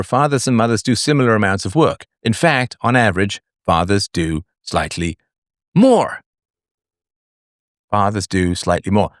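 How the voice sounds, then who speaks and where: Animated middle-aged man hosting a show. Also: mid-range voice, dry recording, clean studio sound. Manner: animated, acts out quoted voices, sings snatches. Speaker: podcast host. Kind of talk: live call-in show monologue. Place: online audio space.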